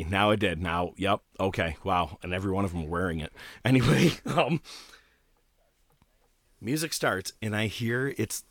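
A man hosting a podcast, telling a profane story in a casual, animated way. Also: sits low, normal speed, long pauses, no room sound, clean studio sound. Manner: profane, animated storyteller, voices others in quotes. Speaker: podcast host.

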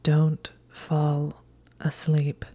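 A woman voicing an anxious, bookish young witch in a soft, breathy half-whisper, as whispered role-play. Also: sits low, normal speed. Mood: earnest.

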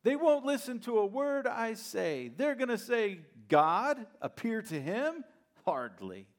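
A man's voice: very high-pitched, sing-song, slow pace, voice pushed up, heavily acted. A man putting on a whiny pleading man. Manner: stammering, whining. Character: whiny, pleading adult man making excuses.

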